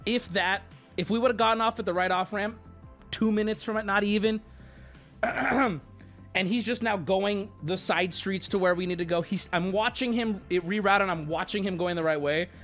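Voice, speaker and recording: A man's voice: high voice, normal speed, fairly bright tone, faint music behind. A man livestreaming, telling a story to his chat in an exaggerated way, swearing and laughing as he goes. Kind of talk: animated storytelling to a live chat.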